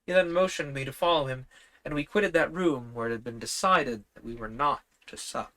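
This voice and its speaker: A man reading an old novel aloud on a stream, narrating in an unhurried, measured storytelling manner. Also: medium pitch, fairly bright tone.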